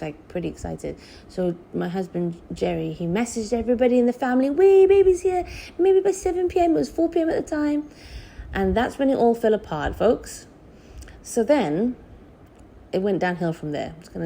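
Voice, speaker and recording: A woman recounts her own story in a loose, chatty way, speaking straight to her viewers. Her voice is warm, mellow and gravelly. When she acts out what she said back then, her pitch jumps up high. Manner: animated, reenacts her own past words with big pitch jumps. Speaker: vlogger sharing birth story. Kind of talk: casual storytelling to camera.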